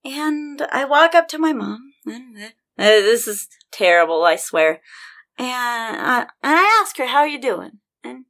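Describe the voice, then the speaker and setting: A woman's voice: sits high, big pitch swings, unhurried, fairly bright tone. A woman in casual conversation, telling a personal story with passion and vivid detail. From Denver. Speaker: podcast guest storyteller.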